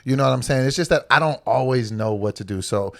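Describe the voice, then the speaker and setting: Gravelly man in casual podcast chat. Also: medium pitch, fast talker, a bit bright. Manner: laid-back storytelling, laughs often. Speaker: podcast co-host.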